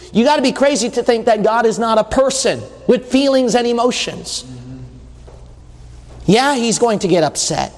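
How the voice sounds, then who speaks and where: A man preaching a sermon in a conversational way, reading scripture and acting out quotes. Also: sits high. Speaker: pastor. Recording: long hall reverb.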